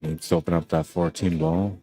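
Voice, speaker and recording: Laid-back man with a deep voice. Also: little pitch movement, a little fast, mellow, no room sound. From Canada. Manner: laid-back, chatty, often ends lines with "man". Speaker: pool commentator and stream host. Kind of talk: live play-by-play commentary.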